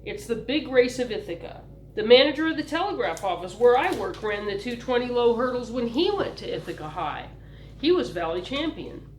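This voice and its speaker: Expressive woman reading a bedtime story. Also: on the low side, moderate pace, echoey room, a little hiss or hum, rough recording. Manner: gentle, expressive reading with lightly voiced characters. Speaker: storyteller reading a novel aloud.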